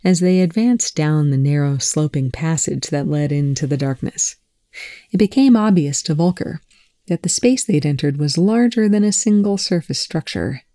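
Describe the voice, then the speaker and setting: An audiobook narrator reading prose in an even, measured way. The tone is mellow and dark. The recording is close and dry. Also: medium pitch, no room sound. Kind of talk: scripted narration.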